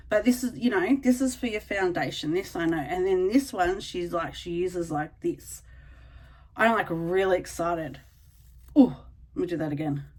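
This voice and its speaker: Chatty, excitable Australian woman vlogger. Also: mid-range voice. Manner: chatty and excitable, full of ums and likes. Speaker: beauty vlogger. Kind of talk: casual unboxing chat to camera.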